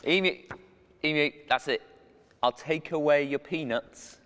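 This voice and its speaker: A man's voice: a little high, a little slow, fairly bright tone. A man hosting a comic chat segment on a church children's show with jokey, showman-like banter. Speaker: host. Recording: reverberant church hall.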